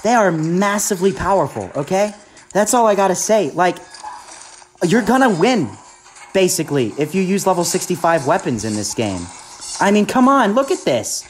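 An excitable woman narrates her own gameplay for viewers, her voice sitting on the lower side and swinging widely in pitch as she reacts. A faint hum of ambience sits under her talk. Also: moderate pace. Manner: excitable, hyped, talks to viewers. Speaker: gaming YouTuber. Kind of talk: live gameplay commentary.

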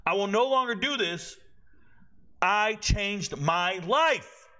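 Bright, high-voiced man telling a blunt story. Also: animated, takes it slowly. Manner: blunt, boastful storytelling with acted-out quotes. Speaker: channel host. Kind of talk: storytelling monologue.

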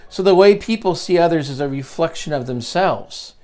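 Hosting a virtual leadership seminar, a man reads from a book and adds his own comments, stressing and repeating key lines and putting questions to the listener. His voice sits on the high side, expressive and darkish in tone, at a moderate pace, with faint music in the background.

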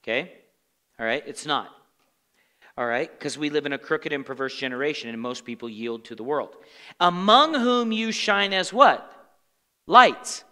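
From the pulpit of a church sanctuary, a pastor gives a Bible study sermon, speaking at normal speed and pausing often. His lively, bright voice moves between pointed fill-in questions to the congregation and muttered asides mimicking grumbling complainers, keeping things animated and conversational. The recording has a long church-hall reverb.

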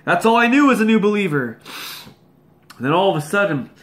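A man preaching a sermon, telling a personal testimony in an animated way and laughing often. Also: high voice, brisk.

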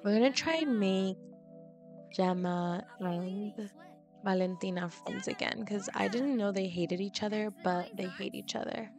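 A young woman with a medium-pitched voice speaks a little slowly over music. As a let's play host, she gives casual commentary on a life-sim game, giggly and reactive, often laughing and exclaiming.

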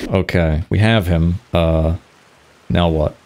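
Gravelly low-voiced gamer man. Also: measured pace, dark tone. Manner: chatty, swears, playful sound effects. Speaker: gaming streamer. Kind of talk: casual gameplay commentary.

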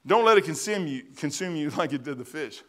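A man's voice: fairly high pitch, lively intonation, fairly quick, a bit bright. A man preaching a sermon in a church as its pastor, telling stories in a folksy, plain-spoken way with bursts of emphasis. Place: church sanctuary.

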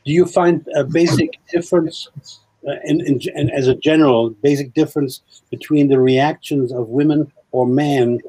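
A male talk show host asks his questions haltingly, restarting often as he searches for words. His voice is mellow and dark in tone. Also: a little high, steady tone, slightly rough, low-quality recording. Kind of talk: casual interview talk.

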